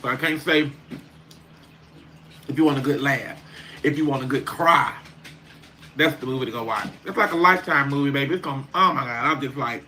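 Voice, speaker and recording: A man's voice: medium pitch, brisk, pauses often, sharp tone, a little hiss or hum. A man chatting casually on his livestream, rambling and talking straight to his viewers.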